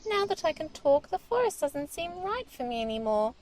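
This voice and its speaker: A woman's voice: high-pitched, sing-song, moderate pace, darkish tone, a little hiss or hum, pitched above the performer's own voice. A woman voicing a shy, sweet little male mouse who has just learned to talk, with a timid, stammering manner. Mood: shy squeaky.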